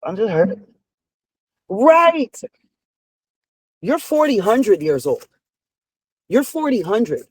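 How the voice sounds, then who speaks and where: Reaction commentator, forties, mid-pitched, blunt and profane, scolding; dry close recording. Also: big pitch swings, mellow, breathy edge, no echo. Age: 40s. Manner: rapid-fire rhetorical questions. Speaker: commentator reacting to a reality show.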